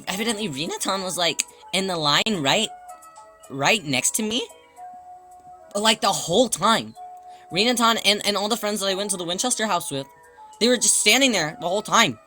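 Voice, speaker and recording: Man, livestream host, casual chat, animated storyteller, very lively pitch. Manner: animated storytelling, laughs often.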